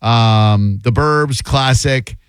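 A man's voice: medium pitch, drawn-out words, smooth, no room sound. A man hosting a radio show, chatting casually and riffing with sarcastic jokes. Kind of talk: casual comedic radio chat.

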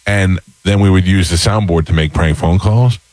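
A man's voice: deep voice, moderate pace, darkish tone, no room sound. A middle-aged man hosting a morning radio show, telling stories in casual banter.

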